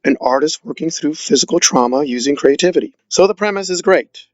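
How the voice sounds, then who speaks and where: A man's voice: fairly high pitch, expressive, brisk, no echo, dull audio. A man giving a sarcastic, exasperated film review, mocking the movie as he goes. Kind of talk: opinionated film review monologue.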